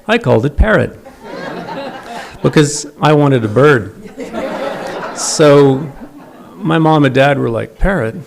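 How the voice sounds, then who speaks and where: A man's voice: mid-range voice, animated, takes it slowly, vocal fry, long pauses, a faint crowd. A middle-aged man giving a eulogy for his father, telling wry, self-deprecating stories at a memorial service. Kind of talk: memorial eulogy with humorous anecdotes.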